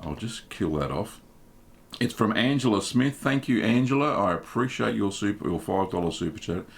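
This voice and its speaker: A man's voice: fairly low pitch, animated, normal speed, vocal fry. A middle-aged Australian man hosting a live stream, chatting casually and greeting viewers one by one with friendly g'days. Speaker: host of a live cheese-making Q&A stream.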